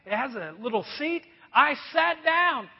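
A middle-aged man preaching a sermon as a pastor, telling a self-deprecating story in an animated way. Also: extremely high pitch, unhurried, creaky. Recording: dull sound with long hall reverb.

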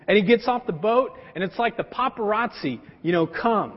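High-voiced male pastor, lively casual storytelling from the pulpit, roomy hall reverb. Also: moderate pace, few pauses. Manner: animated storytelling, casual slang. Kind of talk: sermon. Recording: echoey hall, dull sound.

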